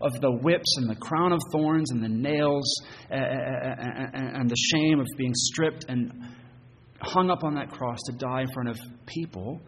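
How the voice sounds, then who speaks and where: A man preaching a sermon as pastor, earnest and halting, often repeating words as he goes. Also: medium pitch. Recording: long church reverb, faint noise.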